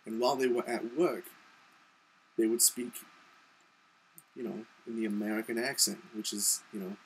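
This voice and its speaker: A man's voice: fairly low pitch, fairly even intonation, moderate pace, pauses often, slight background noise, poor audio. Rambling young man from Montana. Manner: rambling, lots of ums and you-knows. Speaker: video blogger. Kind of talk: casual reply vlog.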